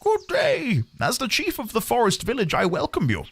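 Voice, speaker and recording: A man's voice: extremely high pitch, huge pitch swings, moderate pace, vocal fry, a bit bright, slightly rough, voice pushed up, full character voice. A man voicing an old male village chief, with a stately, formal manner.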